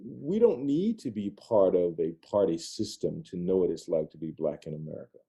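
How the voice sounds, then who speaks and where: A man's voice: low-pitched, animated, moderate pace, gravelly, warm tone. A man speaking as a podcast guest, passionate and driving his points home through repetition. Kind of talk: conversational interview.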